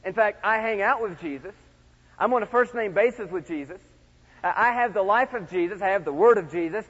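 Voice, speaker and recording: A middle-aged man preaching a sermon, swinging from loud shouts to hushed, intimate tones. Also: sits high, breathy edge. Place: large church sanctuary. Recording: dull sound with long hall reverb.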